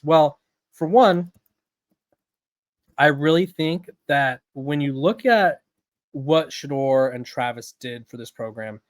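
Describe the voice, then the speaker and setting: A man hosting a college football podcast, giving casual sports analysis in quick bursts and often checking in with "right?". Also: on the high side, dry recording. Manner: talks in rapid bursts, lots of "right?" and restarts. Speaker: podcast host.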